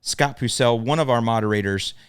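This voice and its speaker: A man's voice: mid-range voice, a little fast, clear, resonant tone. A middle-aged man with a Chicago accent, hosting a solo podcast and giving practical, direct advice that repeats the key points plainly. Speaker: podcast host answering lawn care questions.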